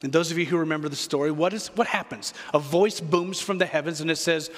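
A man's voice: a little high, normal speed, long reverb tail. A man preaching a sermon as a pastor, reflective and earnest, repeating key phrases for weight.

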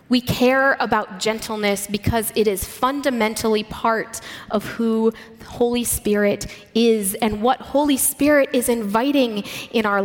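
A woman preacher giving a sermon, retelling stories vividly and earnestly, asking the listeners rhetorical questions. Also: a little high. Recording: long hall reverb.

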